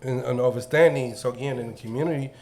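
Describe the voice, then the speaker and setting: A man, speaking on a discussion panel in a measured, reflective way and restarting his sentences as he thinks them through. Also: mid-range voice, a little mellow.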